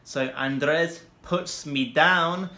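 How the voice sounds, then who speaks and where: A young man explains vocabulary to learners in a bright, slightly high voice. He slows right down for his example sentences and hurries through the asides. The room around him rings with echo. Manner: slow, deliberate example sentences with bursts of quick asides. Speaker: English teacher.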